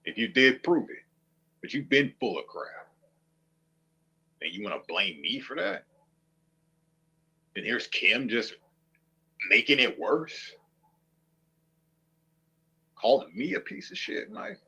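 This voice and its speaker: A man's voice: mid-range voice, very animated, takes it slowly, long pauses, sharp tone, slightly rough. A man streaming, ranting to viewers with a profane, mocking, combative manner. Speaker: online streamer.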